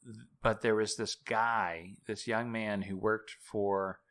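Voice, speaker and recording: Male guest, low voice, loose self-deprecating storyteller, lots of ums and restarts. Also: level tone, slow, a bit bright. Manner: rambling, self-mocking, many fillers and restarts. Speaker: guest, author and journalist. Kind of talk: casual storytelling interview.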